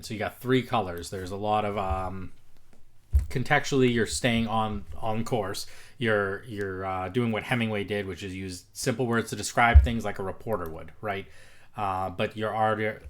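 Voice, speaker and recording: A man with a somewhat low voice talks through submitted poems in a casual, reflective critique. He slows right down to read verse lines aloud and weigh their rhythm. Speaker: host critiquing viewer poetry.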